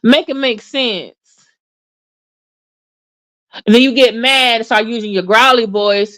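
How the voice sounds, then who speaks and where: A woman's voice: fairly high pitch, slow pace, pauses often. A woman giving casual, sassy commentary on online drama, acting out what others said and sighing in disbelief. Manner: sassy, animated, acts out quotes with sighs. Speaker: YouTube commentator.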